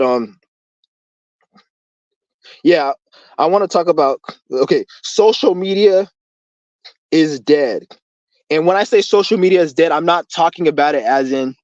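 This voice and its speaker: A man's voice: fairly high pitch, darkish tone, no echo, muffled recording. A young man hosting a livestream Q&A outdoors in the rain, rambling in loose, profane street talk full of restarts. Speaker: streamer hosting a Q&A.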